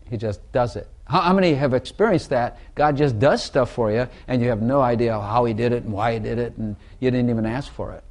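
A man's voice: mid-range voice, a little mellow. Male preacher, casual sermon delivery, repeats himself, quizzes the room. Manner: conversational, repeats phrases, asks the listeners questions. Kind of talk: informal sermon.

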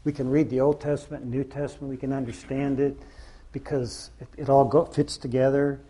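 A man's voice: mid-range voice, level tone, fairly quick, mellow. A middle-aged man giving an informal, rambling sermon, conversational and self-deprecating. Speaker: preacher.

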